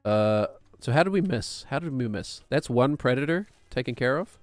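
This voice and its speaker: A man's voice: medium pitch, lively intonation, normal speed, dry recording, soft background music. A man streaming a video game, rambling and joking offhandedly as he plays. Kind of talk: gaming stream commentary.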